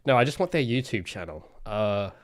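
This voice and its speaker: A man's voice: lowish voice, expressive, moderate pace, no room sound, studio quality. A young man who streams his game development, chatting casually in a rambling, ranty way that keeps interrupting itself. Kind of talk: casual livestream chat.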